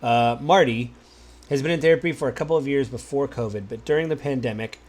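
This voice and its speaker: A married man hosting a podcast, talking in a relaxed, musing way, with many fillers and restarts. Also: medium pitch, quick pace. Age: adult, married. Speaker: podcast host. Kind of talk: casual solo podcast talk.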